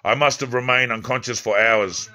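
A man's voice: mid-range voice, steady tone, moderate pace, sharp tone. A man reading his own first-person story aloud, plainly, with occasional slips and restarts.

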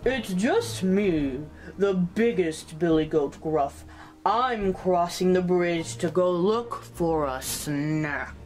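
A woman voicing a bold, strong male billy goat in a storybook read-aloud, speaking low, calm and firm. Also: takes it slowly, soft background music.

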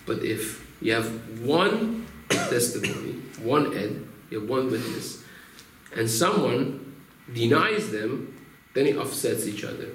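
A man's voice: medium pitch, big pitch swings, slow, a bit bright, slight background noise. A man, a rabbi, teaching a Torah class through storytelling, acting out quotes and explaining Hebrew terms. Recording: roomy room echo, faint ambience.

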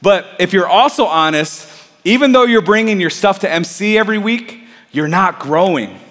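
Male pastor, sermon, earnest conversational preaching, high voice, long hall reverb. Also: moderate pace, fairly bright tone.

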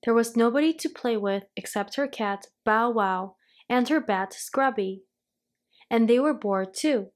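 A woman reading a children's storybook aloud, in a clear storytelling manner. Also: on the high side, measured pace. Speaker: storybook reader.

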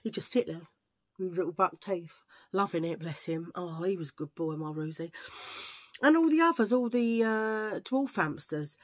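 A woman's voice: on the low side, animated, moderate pace. Rambling, chatty woman. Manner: rambling, chatty, jumps between tangents. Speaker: vlogger. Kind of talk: casual chat to camera. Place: at home filming under a ring light.

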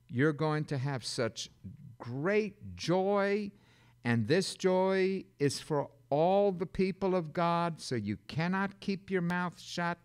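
A man preaching a sermon as a Bible teacher, dramatic and emphatic, with sudden loud bursts and conversational asides. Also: a little high, smooth.

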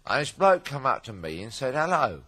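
A man talking in a deadpan, mock-reasonable, sweary way in an improvised comic chat. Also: mid-range voice, brisk. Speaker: comedian in improvised dialogue.

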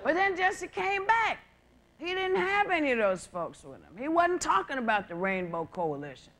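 Brief: woman comic, high animated voice, profane live stand-up, noisy VHS tape with loud audience. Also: moderate pace. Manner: profane, conversational, mocking impressions. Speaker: stand-up comedian. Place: theater stage with laughing audience.

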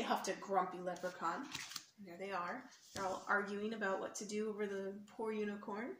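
A woman's voice: mid-range voice, steady tone, normal speed, fairly bright tone. Woman reading a picture book aloud. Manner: explains words and points at pictures for kids. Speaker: storyteller for children. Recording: echoey room, faint hiss.

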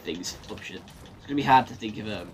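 A man's voice: on the low side, lively intonation, fast talker, a little hiss or hum. A man giving casual gameplay commentary, swearing freely and talking himself through a match. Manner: swears freely, talks to himself while playing. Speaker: gaming streamer.

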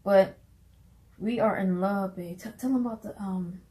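A woman's voice: medium pitch, moderate pace, dark tone, low-quality recording. A woman with a Southern US accent, chatting in a bubbly, laughing way on a casual vlog. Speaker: vlogger and minister.

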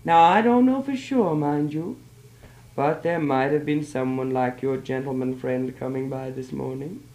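A woman's voice: extremely low pitch, unhurried, mellow. A woman voicing a sly male newsdealer who teases and strings the listener along. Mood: mocking. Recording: roomy old archive recording.

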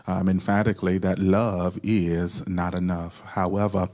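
A man's voice: deep voice, flat delivery, a little slow, darkish tone. A man preaching a sermon as pastor, repeating key phrases and calling on the congregation to answer back.

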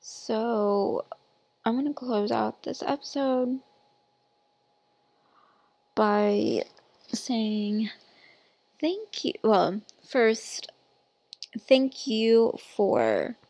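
Slow-talking chatty woman gamer. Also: fairly high pitch, sing-song, dark tone, slightly rough, no room sound. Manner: chatty and rambling, heavy on "like" and "um"; sassy talk to her game character. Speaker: gaming YouTuber. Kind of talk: casual gameplay commentary.

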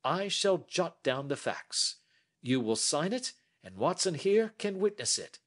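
A man voicing a gentle, grave detective, measured, unhurried, storybook reading. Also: fairly high pitch, sing-song, pitched above the performer's own voice, heavily acted. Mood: reassuring. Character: calm, gentle, sharp-minded male detective.

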